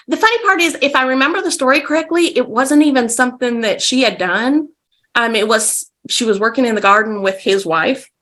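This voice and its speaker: Bright-voiced woman telling stories. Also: on the high side. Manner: vivid, animated storyteller. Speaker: guest. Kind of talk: casual storytelling.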